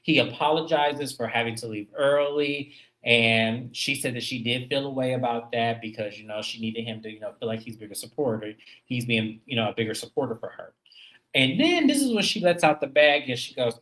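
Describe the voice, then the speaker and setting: A woman's voice: extremely low pitch, fairly quick, fairly bright tone, poor audio. A woman hosting a reality TV recap in casual commentary, blunt and emphatic, cursing freely and talking straight to her viewers.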